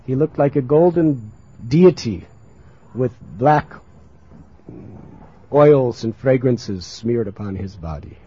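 A man telling a sacred story in a sermon, in an animated, expressive narrating manner, on a muffled lo-fi recording. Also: medium pitch, takes it slowly, pauses often, husky. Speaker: religious storyteller.

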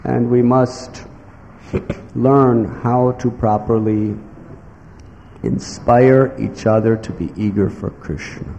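A man giving a devotional sermon in slow, emphatic phrases, now and then acting out what others might say. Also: mid-range voice, steady tone, gravelly, warm tone, lo-fi sound. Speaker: spiritual teacher. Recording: echoey hall with faint background noise.

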